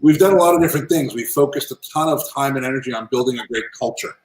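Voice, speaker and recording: A man telling lively business anecdotes as an interview guest, in a casual, animated manner. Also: mid-range voice, fast talker. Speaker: guest, entrepreneur and author. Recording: roomy echo.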